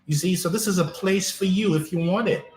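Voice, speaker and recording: Male life coach on a live stream, fairly high voice, roomy echo with faint music behind, repetitive and affirming. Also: a little fast, noisy background. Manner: repetitive, affirming spiritual encouragement.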